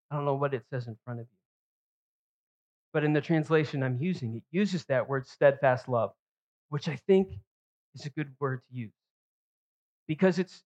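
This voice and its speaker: Male pastor, slightly high voice, sermon delivery, dull lo-fi recording. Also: darkish tone. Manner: expository preaching, rising emphasis on key words.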